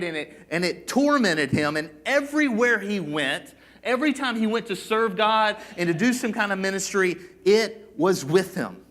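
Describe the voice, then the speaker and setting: A man's voice: sits high, fairly bright tone. A man preaching a sermon in a casual, conversational way that builds at times into impassioned pleading. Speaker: pastor.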